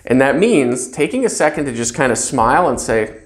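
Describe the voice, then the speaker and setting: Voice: mid-range voice, very animated, brisk. A front desk trainer giving a staff training talk in an upbeat, emphatic way, stressing key words in repeated lists and acting out cheerful phone greetings.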